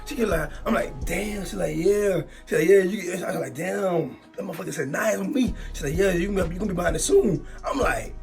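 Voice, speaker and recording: A young man, telling a long storytime with slangy, repetitive, excitable talk. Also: high-pitched, fast, vocal fry, hardly any pauses, faint music behind. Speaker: storytime YouTuber. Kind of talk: animated storytime monologue.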